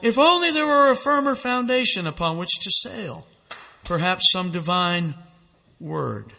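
Male preacher with a high, piercing voice, fiery sermon delivery, long echoing reverb. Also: lively intonation, unhurried, vocal fry, pushed and bright. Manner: dramatic, reads quotes aloud with rising intensity. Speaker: street preacher.

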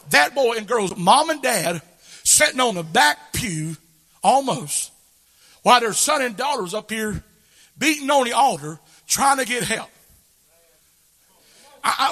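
A man from Kentucky with a Kentucky Southern accent, preaching a revival sermon that swells into shouted, chanting passages. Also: very high voice, lively intonation, moderate pace, pauses often, long reverb tail.

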